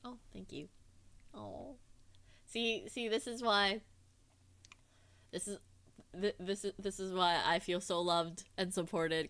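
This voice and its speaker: A woman's voice: medium pitch, takes it slowly, long pauses, a bit bright. Bubbly, giggly woman streamer chatting. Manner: bubbly, giggly, playfully self-deprecating. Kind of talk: casual chat with a live audience.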